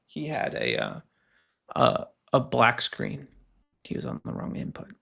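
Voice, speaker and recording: A man hosting a casual solo show, ranting and telling work stories in an animated way, acting out the people he quotes. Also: medium pitch, measured pace, gravelly. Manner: animated storytelling, acts out quoted callers. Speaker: podcast host. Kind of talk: casual solo rant, reading posts aloud.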